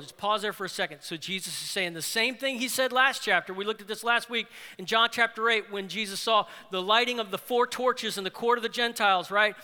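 Animated high-voiced preacher in a hall. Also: male voice, clean tone. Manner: animated, acts out quoted voices with big pitch jumps. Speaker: pastor. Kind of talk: sermon. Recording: long hall reverb.

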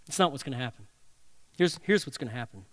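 A man voicing a calm, grave teacher who corrects a friend quietly and firmly. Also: mid-range voice, quick pace, no echo, pitched below the performer's own voice, lightly acted. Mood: gently firm.

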